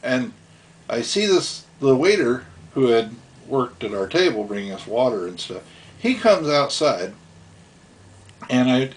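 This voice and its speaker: A middle-aged man casually telling stories from his youth at home, rambling and chuckling as he acts out voices. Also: medium pitch. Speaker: storyteller. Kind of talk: casual storytelling.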